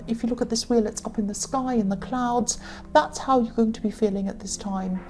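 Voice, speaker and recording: A woman giving a tarot reading to her viewers, talking in a halting way with many fillers and self-corrections. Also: on the high side, darkish tone. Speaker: tarot reader.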